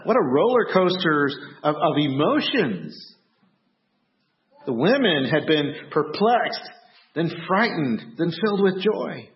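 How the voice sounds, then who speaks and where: A man preaching a sermon, telling the story with animation and acting out startled shouts. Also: on the high side, highs cut off. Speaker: pastor.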